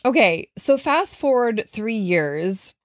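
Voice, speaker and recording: A woman's voice: on the high side, sing-song, slow pace, dry recording, studio quality. A woman from Minnesota hosting a solo podcast as a nutrition coach, talking in an earnest, heartfelt, conversational way with fillers. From Minnesota, USA. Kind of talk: reflective solo podcast monologue.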